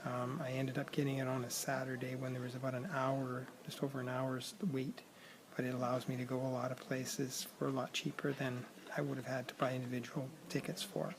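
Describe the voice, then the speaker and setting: Halting man with a gravelly voice. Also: mid-range voice, monotone. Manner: halting, many ums and throat clearing. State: voice cracking. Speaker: vlogger learning a language abroad. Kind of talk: casual video diary. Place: busy public place at a concert hall. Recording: crowd noise behind.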